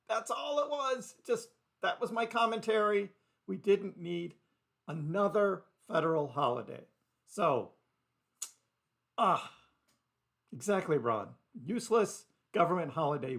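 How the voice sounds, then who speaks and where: A man's voice: high-pitched, gravelly. A man hosting a casual live crypto stream into a desk microphone, rambling chattily, laughing often and talking to his chat viewers by name. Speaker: crypto livestream host. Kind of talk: casual live market commentary.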